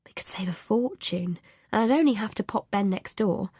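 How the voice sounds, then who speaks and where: A woman's voice: mid-range voice, expressive, normal speed, warm tone, breathy edge, no echo, clean studio sound. Woman narrating an anxious first-person thriller. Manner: anxious, confessional inner voice. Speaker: audiobook narrator.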